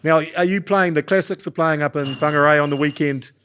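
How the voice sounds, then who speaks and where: A man's voice: fairly high pitch, brisk, a bit bright, slight background noise. A man with a New Zealand accent hosting a studio podcast and keeping the segments moving. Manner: practical, runs the segments. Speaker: podcast host. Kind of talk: casual studio chat.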